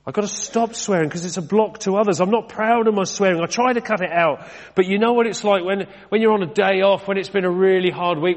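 Middle-aged British male vicar, fairly high voice, conversational sermon with self-mocking asides, reverberant church. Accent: British English. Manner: conversational, rhetorical questions, self-deprecating asides.

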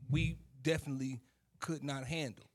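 A man's voice: medium pitch, fairly even intonation, normal speed. Thoughtful man asking probing questions. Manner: thoughtful, questioning, thinks aloud. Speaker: co-host. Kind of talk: casual faith discussion.

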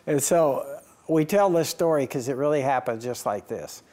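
A man telling his story in an interview, lively and animated, voicing each quoted line as he goes. His pitch sits in an ordinary middle range for a man. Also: moderate pace. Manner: animated, acts out quoted dialogue with laughs. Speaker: racing team owner.

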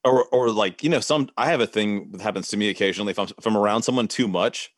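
A man's voice: fairly low pitch, quick pace, no room sound, clean studio sound. A male host rambling casually in an interview, laid-back and full of fillers.

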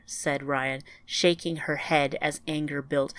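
A woman narrating a scripted audiobook in a quiet, even storytelling manner. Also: sits low, slow, hardly any pauses, no echo.

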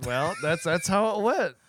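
Man with a lively, slightly high voice. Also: slow, background noise. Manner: defensive, joking, restarts a lot. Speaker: podcast co-host and event organizer. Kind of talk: casual banter. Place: studio.

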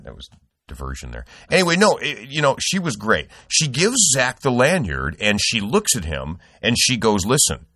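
A man's voice: fairly low pitch, bright, forceful tone, no echo, clean studio sound. A middle-aged man hosting a podcast, telling a rambling, profane story with lots of restarts. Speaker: podcast host. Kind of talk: casual podcast chat.

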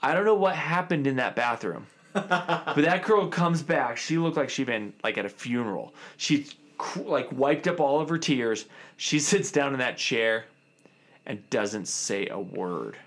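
A man with a voice of middle pitch tells a story from his dental school days in a relaxed, chatty way. He switches into the voices of the other people in the story and acts out their lines. He sounds like a man in his thirties. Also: measured pace. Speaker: dentist telling a story. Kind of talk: casual storytelling.

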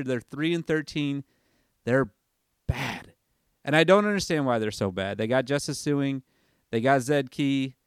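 A man's voice: medium pitch, smooth, no echo, studio quality. A man hosting a casual sports podcast, talking in a hyper, rambling way and looking things up as he goes. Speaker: podcast host.

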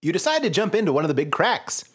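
Brief: husky male podcast co-host, lively pitch, mock-dramatic gamebook reading. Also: quick pace. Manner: animated, swearing, mock-dramatic. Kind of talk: comedic read-through with commentary.

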